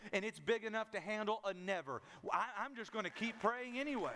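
A man with a high voice preaching a sermon. He builds force through repeated phrases and questions to the congregation, swinging between loud declarations and low, quiet passages. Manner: preaching with rising and falling intensity, repetitive cadences. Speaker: pastor.

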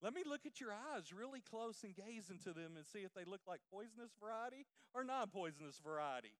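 A man preaching a sermon through folksy, emphatic, animated stories. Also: sits high, a little fast, dry recording. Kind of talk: storytelling sermon.

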